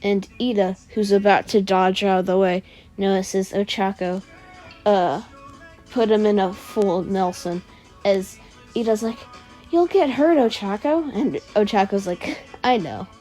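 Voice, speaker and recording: Mellow woman rambling through a fan story. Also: medium pitch, little pitch movement, measured pace, faint music behind. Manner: rambling, full of "uh" and "like". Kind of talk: casual retelling of a fan story.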